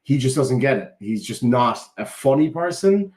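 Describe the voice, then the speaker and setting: A man's voice: medium pitch, sing-song, normal speed, darkish tone. Sarcastic man in his thirties. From Ireland. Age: 30s. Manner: indignant, sarcastic rebuttal. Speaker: YouTuber reacting to a critic. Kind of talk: casual rant.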